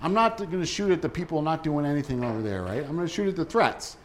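A man's voice: fairly high pitch, quick pace, a little hiss or hum. A man in his forties from New Jersey preaching a sermon, telling stories with acted-out voices. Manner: animated storytelling with acted-out quotes.

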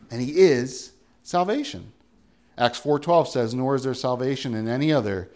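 A man preaching a sermon in a relaxed, conversational way, asking his listeners questions and acting out little everyday scenes. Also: fairly high pitch. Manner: chatty, rhetorical questions, acts out everyday scenes. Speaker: pastor.

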